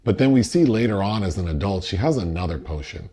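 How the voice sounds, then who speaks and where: A man's voice: low-pitched, lively intonation, fast talker, warm tone, husky. A man co-hosting a casual film review chat, retelling the plot with sardonic asides. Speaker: podcast co-host.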